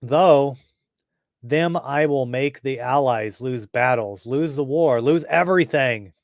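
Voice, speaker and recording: A man voicing a gloating evil male mastermind from space in a comic reading, speaking slowly and scheming. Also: medium pitch, vocal fry, no room sound, clean studio sound.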